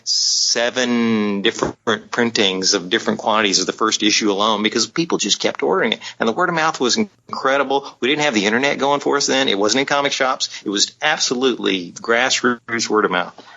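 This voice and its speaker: A man's voice: mid-range voice, fairly quick, bright, forceful tone. A man telling a long story as a podcast guest, rambling with many fillers and restarts. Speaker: guest, publisher. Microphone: on the phone line. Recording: dull lo-fi sound.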